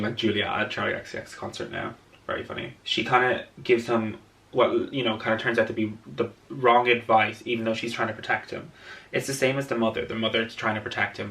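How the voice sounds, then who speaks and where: Gravelly low man rambling through a film analysis. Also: sharp tone, far from the mic. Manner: chatty, rambling, heavy use of filler words. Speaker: video essayist. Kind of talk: casual film analysis vlog. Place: indoors in front of a mirror, late at night.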